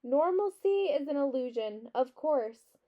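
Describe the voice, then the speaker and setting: A woman voicing a solemn, wordy young boy from a storybook, speaking gently, on a dull lo-fi recording. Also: high voice, expressive, a little slow. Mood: gentle. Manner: earnest, gentle.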